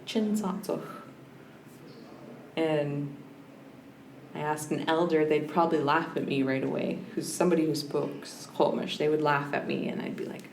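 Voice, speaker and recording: A woman's low-pitched, level, darkish voice comes through at a normal speed. She is a language scholar guesting on a podcast, reflecting and searching as she talks and restarting often in this conversational interview. The room is audible, along with a faint background hiss.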